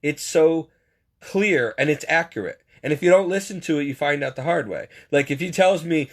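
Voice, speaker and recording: Rambling, self-mocking man with a high-set voice. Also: animated, a little slow. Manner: frequent chuckles. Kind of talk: casual faith monologue.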